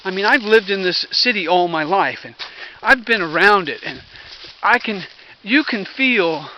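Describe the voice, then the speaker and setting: A middle-aged man films himself on a handheld camera as he climbs a wooded hillside, winded and talking in an earnest, spiritual, halting way. His voice sits high and is very bright and forceful. Faint outdoor noise hums behind him. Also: lively intonation, rough recording. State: out of breath from climbing. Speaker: vlogger. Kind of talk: rambling walk-and-talk vlog. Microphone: handheld camera while walking.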